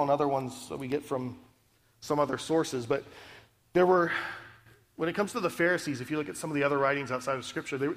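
A male pastor with a fairly bright voice on the high side preaches in a large hall. His sermon is earnest and conversational, and he often checks in with the congregation through frequent "right?" asides.

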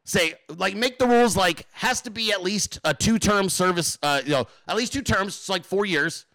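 A man's voice: sits high, moderate pace, pushed and bright, no room sound. A man hosting a political livestream, ranting in an emphatic, profane, rambling way and talking straight to his viewers and chat. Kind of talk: casual profane political rant.

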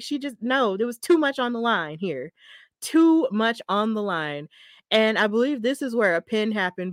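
A woman talks close to the mic in a dry, plain room, mid-pitched and chatty. She recaps a wrestling match the way she would tell a friend, excitable and quick to laugh. Her voice sits in an ordinary middle range. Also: no echo. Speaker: podcast host.

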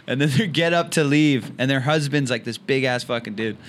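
A man's voice: medium pitch, brisk, slight background noise. Profane comedian man telling a story. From Orange County, California. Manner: loose, profane, animated storytelling. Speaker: comedian guest. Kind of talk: casual podcast storytelling.

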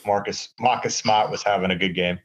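Rambling sarcastic man, low voice. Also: steady tone, a little fast, muffled recording. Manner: rambling, sarcastic, many fillers. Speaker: podcast co-host. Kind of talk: casual chat. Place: hotel room.

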